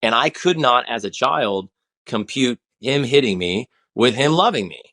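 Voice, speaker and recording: A man's voice: mid-range voice, lively intonation, measured pace, bright, forceful tone. A man in his forties, a guest on a podcast, talking in a rambling, passionate way with many restarts. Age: 40s. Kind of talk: casual conversation.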